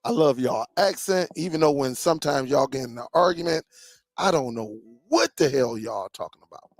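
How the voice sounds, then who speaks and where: Here a man in his forties hosts a casual live chat, relaxed and full of stories, often tossing in "man." He speaks in an expressive mid-range voice at a moderate pace, and the audio has no room sound.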